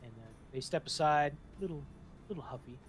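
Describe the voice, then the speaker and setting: A man narrating as game master, telling the story in a relaxed way with fillers and restarts. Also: on the high side, fairly quick.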